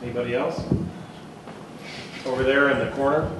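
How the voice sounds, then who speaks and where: A man's voice: medium pitch, fairly even intonation, moderate pace. A man moderating a talk, politely inviting questions from the audience. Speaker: event moderator. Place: hall with an audience. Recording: echoey hall, far from the mic, loud noise.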